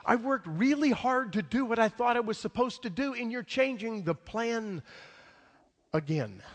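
A preacher voicing exasperated old Abraham. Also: male voice, expressive, a little slow, exaggerated voice. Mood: pleading. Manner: incredulous, pleading, rising pitch. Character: exasperated elderly patriarch Abraham, an old man. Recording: long hall reverb.

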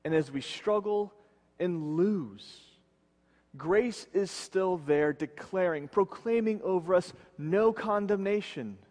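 Pastor guy preaching slow n earnest, voice a bit high, drops low on the big words, long hall echo. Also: darkish tone. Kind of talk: sermon.

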